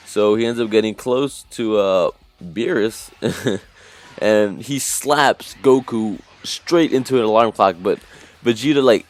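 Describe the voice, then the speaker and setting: A man casually recapping an anime episode as a reviewer, rambling with lots of fillers and restarts. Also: on the low side.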